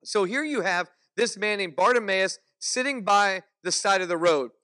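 A man's voice: high voice, normal speed, sharp tone. A man preaching a sermon in a conversational way, explaining and asking the listeners questions.

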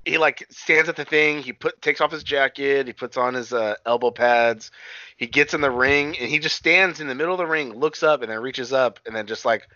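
A man rambles through a loose, profane recap, stumbling over fillers and restarts. His voice is bright and forward. The sound is dry and a little dull, as if from a modest home mic. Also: mid-range voice, brisk, no room sound. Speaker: podcast co-host recapping wrestling. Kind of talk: casual chat.

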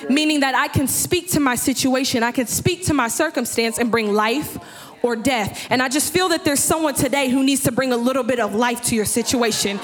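Teen girl, youth preacher, higher voice, storytelling, long church hall reverb. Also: a little fast, crowd noise. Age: 15 years old. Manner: lively storytelling with acted asides; rising to impassioned shouts. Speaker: youth speaker. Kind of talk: sermon. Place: church stage.

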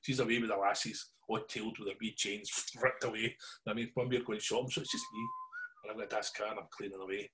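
A middle-aged man with a Glaswegian Scottish accent telling stories in casual chat, animated and always checking in with his listeners. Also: fairly low pitch, fast talker, a little hiss or hum. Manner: animated yarn-spinning, keeps checking in with listeners.

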